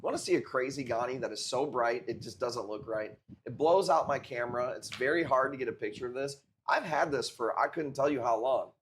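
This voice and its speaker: A man in his forties talks casually to his live-stream viewers while selling corals. His voice sits at an ordinary middle pitch, and his talk is relaxed, full of swearing and sprinkled with dude and bro. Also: a little fast, hardly any pauses. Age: 40s. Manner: laid-back, profane, peppered with dude and bro.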